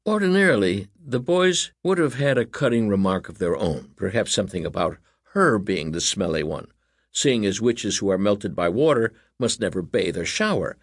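A man reading a children's story aloud as narrator, in an animated, expressive way. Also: fairly low pitch, moderate pace, no echo, studio quality.

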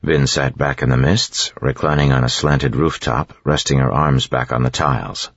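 Very deep husky male audiobook reader, steady delivery, dry and dull recording. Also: normal speed, no room sound. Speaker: audiobook narrator. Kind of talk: scripted narration. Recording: dull, dry studio sound.

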